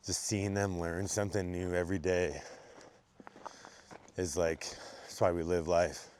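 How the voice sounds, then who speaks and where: A man's voice: deep voice, flat delivery, a little slow, darkish tone, slight background noise. A man talking casually to camera while hiking a steep wooded trail, slightly winded, easygoing with a few ums. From Montana. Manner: easygoing and conversational, with filler ums. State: slightly out of breath from hiking uphill. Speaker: real estate agent vlogging. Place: outdoors on a wooded trail, windy.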